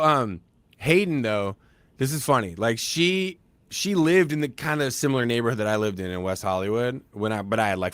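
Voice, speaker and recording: A man in his thirties co-hosting a podcast, telling a story casually and acting out quoted lines loudly. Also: fairly low pitch, no room sound. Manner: animated, acts out quoted lines in a loud raised voice. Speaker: podcast co-host.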